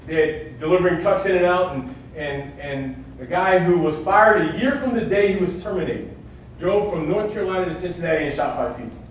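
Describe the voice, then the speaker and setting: A man lectures to a live audience with an emphatic, higher-pitched voice, often checking in with his listeners as he makes his points. He is picked up from a distance, so his voice rings around a big echoey hall over a faint hiss of noise. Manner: emphatic, keeps checking in with "right?". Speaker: workshop speaker on workplace security. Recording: echoey hall, mic far off.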